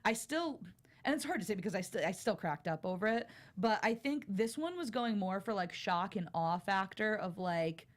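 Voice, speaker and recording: A woman's voice: medium pitch, animated, moderate pace. A woman co-hosting a TV review show, chatting casually with lots of fillers and frequent laughs.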